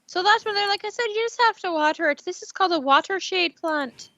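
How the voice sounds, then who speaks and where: A woman's voice: very high voice, brisk, a bit bright, no room sound, pitched above the performer's own voice. A woman voicing a friendly, chatty male orc flower seller in a tabletop game, with an Irish and New Zealand accent that comes and goes. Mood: cheerful. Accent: wavering Irish and New Zealand mix. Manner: cheery, sing-song salesman patter.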